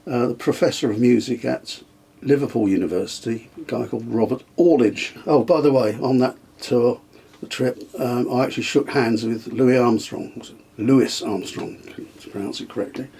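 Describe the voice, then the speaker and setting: Older man, husky, mid-pitched, hesitant storyteller. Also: normal speed, warm tone. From England. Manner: hesitant, many ums and restarts, chuckles often. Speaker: interviewee, the host's father. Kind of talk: casual reminiscing interview.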